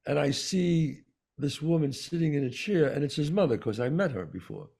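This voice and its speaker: A man with a New York accent, co-hosting a talk show and telling a personal story in an animated way, acting out the voices of the people in it. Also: fairly high pitch, moderate pace, vocal fry, husky. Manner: animated storyteller, acts out quoted dialogue. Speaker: podcast co-host. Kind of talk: storytelling in casual conversation.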